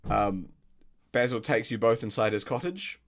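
A man's voice: medium pitch, lively intonation, normal speed. A man narrating a tabletop role-playing game as game master, with many ums and restarts. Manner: hesitant, many fillers and restarts.

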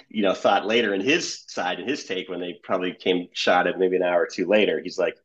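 A very low-voiced man speaks as a guest editor on a podcast. He tells stories in a relaxed, animated way and laughs often. The sound is a little dull and lo-fi. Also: fairly quick. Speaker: comedy editor. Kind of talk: casual podcast interview.

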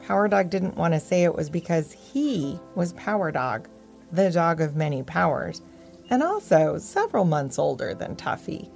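A woman tells a children's bedtime story with gentle expression. Her low voice has a steady gravelly texture, and soft music plays quietly behind her. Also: moderate pace.

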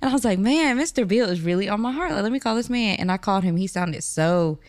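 A young woman, a podcast guest, talking casually and telling animated stories with frequent laughter. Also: mid-range voice, fast.

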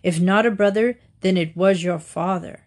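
A woman's voice: lowish voice, moderate pace, darkish tone, lightly acted. A woman voicing a proud, bullying male wolf in storybook fables, speaking with growling boasts.

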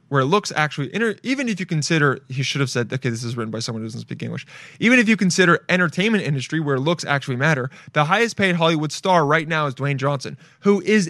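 A man's voice: fairly high pitch, fairly bright tone, dry recording, studio quality. A man hosting his own show alone, chatting casually in a loose, rambling way with lots of swearing and playful asides. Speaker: podcast host. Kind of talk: casual solo show chat.

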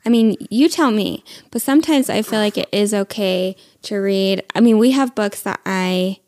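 A woman's voice: mid-range voice, normal speed, a little mellow. A woman in her thirties hosting a podcast, chatty and curious, asking questions in casual conversation. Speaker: podcast host.

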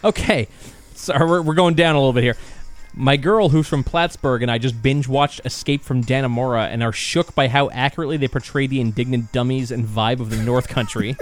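A man's voice: mid-range voice, brisk, faint music behind. A young man co-hosting a casual podcast, talking in a blunt, profane, laid-back way. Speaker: podcast co-host. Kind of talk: casual chat.

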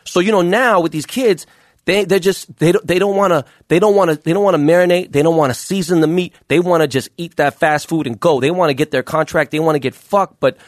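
A man working as a jeweler, talking as a guest in a casual interview, using rapid, profane street slang with lots of fillers. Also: on the high side, no room sound, studio quality.

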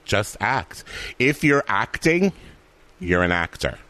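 Guy actor-comedian chatting, lowish voice, lots of acted-out quotes. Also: takes it slowly, no echo. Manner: animated storyteller, acts out quoted voices. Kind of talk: casual conversation.

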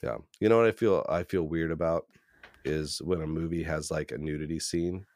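A man's voice: normal speed, a little mellow, dry recording, clean studio sound. A young man co-hosting a podcast in casual chat, telling stories with laughs and putting on voices for the people he quotes. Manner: laughing storyteller, acts out quotes in higher voices. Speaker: podcast co-host.

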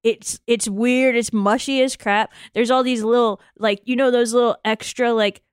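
Woman acting as a tough-acting teen girl, blunt, mocking, smooth clear voice. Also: a little high, steady tone, no room sound, lightly acted. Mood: sassy. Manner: blunt, mocking, drawn-out disgust. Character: sassy, picky teenage girl who acts tough.

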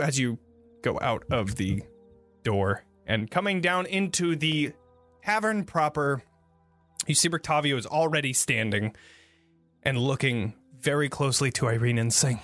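A man's voice: mid-range voice, measured pace, a bit bright, dry recording, soft background music. A man running a tabletop game as game master, narrating casually and swearing now and then.

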